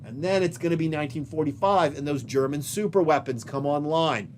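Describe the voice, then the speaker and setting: A man teaches history in a recorded video lesson, his voice on the high side. He gestures to pictures on the slides behind him and emphasizes important phrases by saying them slowly, with slight noise in the background.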